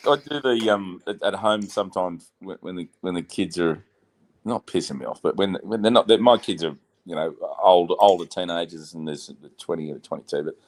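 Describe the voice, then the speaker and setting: A man in his forties co-hosting a podcast, blunt and sweary in casual banter. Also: low voice. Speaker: podcast co-host.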